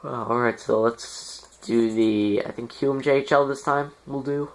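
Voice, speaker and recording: A man's voice: medium pitch, fairly even intonation, unhurried. Rambling man commenting on a hockey sim. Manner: rambling, exasperated outbursts, many fillers. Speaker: gaming YouTuber. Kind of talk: casual game commentary.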